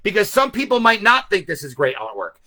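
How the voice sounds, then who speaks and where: A man hosting a live stream, explaining his point loudly and emphatically to viewers from a camera set some way back. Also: high voice, wildly swooping pitch, fairly quick. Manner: speaks loudly. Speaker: host. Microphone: camera set back from him.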